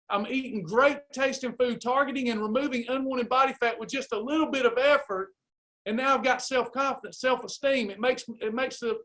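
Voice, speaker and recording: A man's voice: very high-pitched, a bit bright. A man coaching a live weight loss class, urging listeners on in a fired-up, preacherly way. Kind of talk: live class pep talk.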